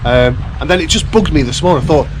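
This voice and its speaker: A man's voice: a little high, fast, noisy background. A man in his fifties vlogging from his farmhouse renovation, casual and chatty with a lot of slang, mumbling a bit and tailing off at the ends of sentences. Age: 50s. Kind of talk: casual chat to camera. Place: farmhouse under renovation in the countryside.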